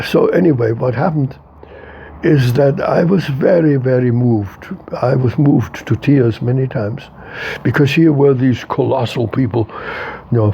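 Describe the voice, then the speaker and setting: A man's voice: medium pitch, creaky, dull audio, a little hiss or hum. A man in his eighties speaking as an interviewee and philosopher. He talks in an emphatic, repetitive way and openly lets his emotion show. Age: 80s. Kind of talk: reflective interview talk.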